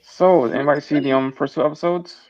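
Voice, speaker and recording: A man's voice: on the high side, steady tone, fast, highs cut off, crowd noise. A man co-hosting a podcast, matter-of-fact as he leads a segment. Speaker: podcast co-host. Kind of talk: casual chat.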